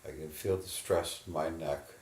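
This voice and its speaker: A man in a guided imagery therapy session, slowly and haltingly describing what he feels in his body. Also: rumbling low, steady tone, darkish tone, roomy sound, a little hiss or hum. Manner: slow, halting, inward reporting of body sensations. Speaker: therapy client.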